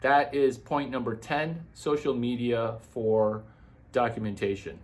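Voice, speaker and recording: A man, a comedian, talking through numbered business tips in a jumpy monologue full of quick asides and sudden leaps in pitch. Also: steady tone, a little mellow. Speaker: comedian giving business advice.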